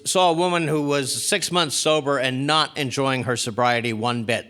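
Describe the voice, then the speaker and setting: A middle-aged man giving a spiritual talk at a recovery convention, telling a story and acting out the people in it. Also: medium pitch. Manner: animated storyteller acting out quoted characters. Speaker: spiritual speaker. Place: large convention hall.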